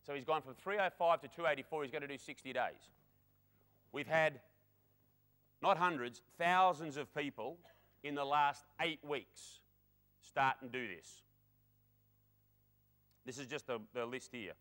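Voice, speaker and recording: Man, keynote speaker, energetic, chatty, higher-pitched voice. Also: a little slow, long pauses. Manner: energetic, chatty, addresses audience directly. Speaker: conference speaker. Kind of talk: conference keynote talk. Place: conference hall.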